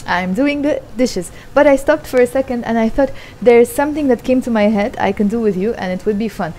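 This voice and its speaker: A woman's voice: on the high side, a little fast, dark tone, slight background noise. A woman giving a casual vlog language lesson from her home kitchen while doing the dishes, patiently repeating and explaining each word. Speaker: language teacher.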